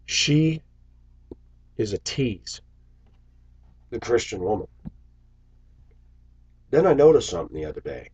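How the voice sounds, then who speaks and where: A man's voice: medium pitch, very animated, takes it slowly, pauses often, a little mellow, husky. A man vlogging to his viewers in a bitter, sarcastic, preachy rant. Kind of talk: ranting to camera.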